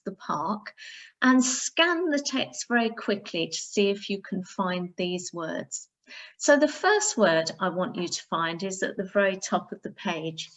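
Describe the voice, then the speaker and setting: Slow, careful woman teacher. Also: mid-range voice, fairly bright tone. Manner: slow, careful, instructive, sounding out words. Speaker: primary school teacher. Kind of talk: recorded reading lesson for pupils.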